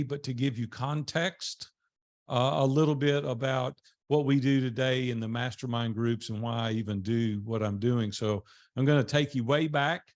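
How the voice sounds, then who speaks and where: Folksy Southern older man. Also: medium pitch. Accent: Southern US, Tennessee. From Nashville, Tennessee. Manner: folksy storytelling with fillers. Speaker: guest speaker. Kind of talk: motivational talk.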